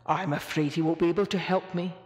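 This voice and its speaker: A woman voicing a huge, kind male whale who speaks in a low rumble. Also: steady tone, fast talker, a little mellow, close to an everyday voice. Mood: pleading, worried. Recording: echoey room with long reverb.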